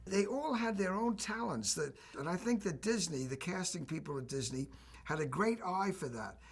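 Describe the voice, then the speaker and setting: An older actor reminiscing in an interview, telling anecdotes with a raspy voice. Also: male voice, high-pitched, animated, normal speed. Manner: warm anecdotal storytelling with laughs. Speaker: actor recalling a film.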